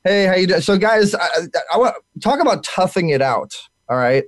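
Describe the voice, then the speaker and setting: A man's voice: sits high, moderate pace, dry recording. Guy hosting a live web show, sick, keeps repeating words, dry close mic. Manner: energetic, repeats words, many fillers. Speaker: talk show host. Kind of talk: live internet talk show.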